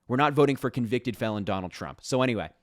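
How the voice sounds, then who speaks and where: A man's voice: mid-range voice, expressive, fast talker. A man giving casual political commentary in a sarcastic, mocking way.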